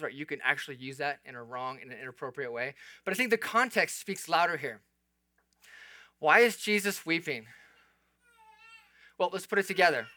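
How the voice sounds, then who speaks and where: Bright, earnest man preaching a sermon. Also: on the high side, no room sound. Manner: earnest, explanatory, conversational asides. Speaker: pastor. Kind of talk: expository sermon.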